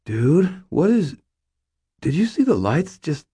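A man's voice: fairly high pitch, big pitch swings, slow pace, mellow, slightly rough, voice pushed up, full character voice. A man voicing a stoned young male cashier who stammers and whimpers in panic. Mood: confused.

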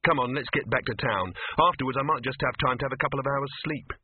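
Guy voicing a snappy indignant young woman, slightly raised voice, husky tinny audio. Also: medium pitch, fast talker, dry recording, natural voice. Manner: snappish, hissing. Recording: phone-like lo-fi audio.

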